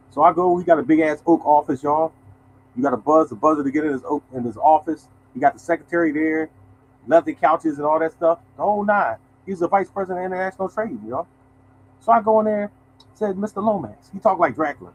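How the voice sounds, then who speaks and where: Animated older man spinning a yarn. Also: on the high side, quick pace, a little hiss or hum, poor audio. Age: 60s. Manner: animated, colloquial, addresses viewers as y'all. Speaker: show host telling a story. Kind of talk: casual storytelling to viewers.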